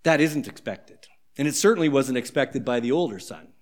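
A man's voice: mid-range voice, expressive, a little fast. A man preaching a sermon in a conversational, explanatory way. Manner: conversational, explanatory, acts out scenes. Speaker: pastor.

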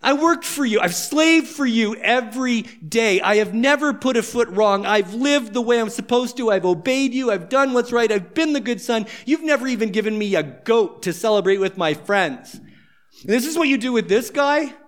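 A man's voice: extremely high pitch, expressive, normal speed, pitched above the performer's own voice. A man doing an outraged resentful older brother. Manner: outraged, whiny, complaining.

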